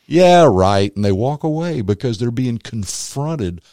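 A man, a former magician and comedian turned minister, tells his faith story as an interview guest, animated and acting out the voices of others. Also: mid-range voice, moderate pace, dry recording, studio quality. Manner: animated storyteller who acts out quotes. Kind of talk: personal faith testimony in conversation.

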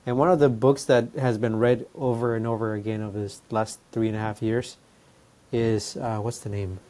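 A man's voice: lowish voice, steady tone, moderate pace, dark tone. A man in his thirties co-hosting a podcast in upbeat, friendly chat. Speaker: podcast co-host. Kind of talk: casual chat.

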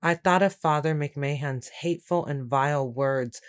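A woman reading a first-person story aloud in a steady, measured way. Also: sits low, smooth. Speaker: audiobook narrator. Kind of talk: first-person scripted narration.

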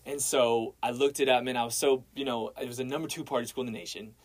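A man's voice: mid-range voice, steady tone, fast, low-quality recording. Young man telling his story casually. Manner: casual, storytelling, peppers speech with "man" and "bro". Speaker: guest sharing his testimony. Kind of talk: casual personal testimony.

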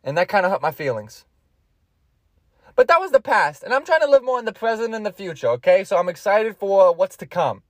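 High-voiced man ranting on his podcast. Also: sing-song, a little fast, no room sound. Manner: rambling, crude, jokey. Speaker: podcast host. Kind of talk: solo podcast rant.

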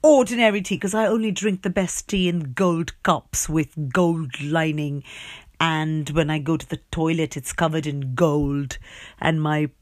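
A haughty, self-important storybook gentleman drawls out his boasts in a lowered, snooty voice, as a mother puts him on. The sound is close and dry, with no room echo. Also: fairly even intonation, measured pace. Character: snobbish arrogant grown man who boasts of gold.

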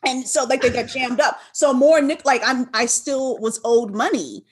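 Casual young woman from LA, slightly high voice, tells stories with lots of energy and cursing. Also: normal speed, slightly rough. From Los Angeles, California. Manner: animated, swears freely, acts out her own past lines. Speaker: guest, wine enthusiast. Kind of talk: casual chat, storytelling.

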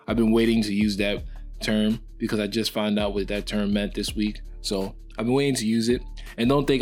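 A young man hosting a podcast, giving casual, joking sports opinions in a lively, rambling way. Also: fairly low pitch, moderate pace, faint music behind. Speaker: podcast host.

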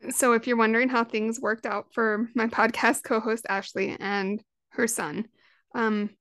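Bright-voiced woman hosting a parenting podcast. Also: on the high side, little pitch movement, measured pace, dry recording, clean studio sound. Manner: earnest, conversational, acts out quotes. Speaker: podcast host. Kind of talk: casual parenting talk.

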